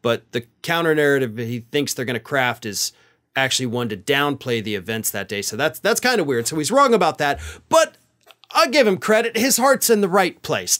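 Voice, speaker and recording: A man's voice: fairly high pitch, very animated, normal speed, a bit bright. A man hosting a political commentary monologue, speaking in a sarcastic, opinionated way. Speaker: host.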